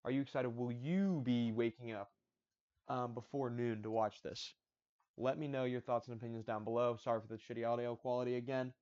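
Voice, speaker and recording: A man's voice: mid-range voice, flat delivery, fast, a little mellow, smooth. A man hosting a fight-predictions channel, talking casually, repeating his picks and stumbling over restarts. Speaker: MMA predictions channel host. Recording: dull lo-fi audio.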